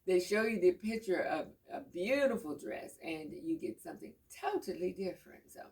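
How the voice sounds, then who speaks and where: Casting: middle-aged woman, low gravelly voice, easygoing home chat, mic set back. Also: a little mellow. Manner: rambling, homey storytelling. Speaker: vlogger. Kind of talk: casual chat. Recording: voice a bit far from the mic.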